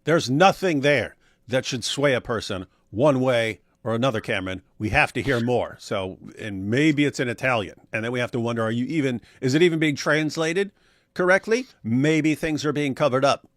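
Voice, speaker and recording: A man's voice: medium pitch, moderate pace, no echo, studio quality. A man hosting a live online show, casually joking and teasing his co-hosts. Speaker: host. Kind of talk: casual chat with joking banter.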